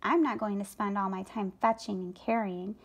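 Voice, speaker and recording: A woman's voice: medium pitch, fairly even intonation, normal speed, breathy edge. A woman voicing a greedy, sneering male rat with a brash way of talking.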